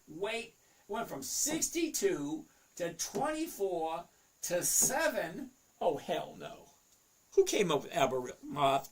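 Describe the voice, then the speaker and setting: Gravelly chatty man hosting a stream. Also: high-pitched. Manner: chatty, reads chat names aloud, talks to himself over charts. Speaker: livestream host answering chat. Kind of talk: casual livestream chat.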